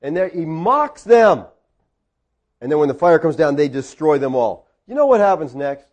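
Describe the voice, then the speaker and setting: Animated male preacher. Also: fairly high pitch, normal speed, dull audio. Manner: animated storytelling, swings from quiet asides to loud peaks. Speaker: pastor. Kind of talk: sermon.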